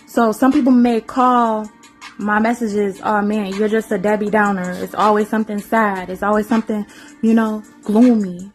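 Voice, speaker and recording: A woman's voice: medium pitch, level tone, moderate pace, faint music behind. A woman vlogger giving an emotional, rambling spoken-word monologue, laughing often and repeating her phrases.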